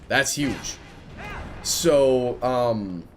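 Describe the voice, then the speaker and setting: A man in his twenties telling a rambling story while commenting on his own gameplay, chatty and excitable, breaking off to react loudly. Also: mid-range voice, extremely slow, a little hiss or hum. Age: 20s. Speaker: gaming video creator.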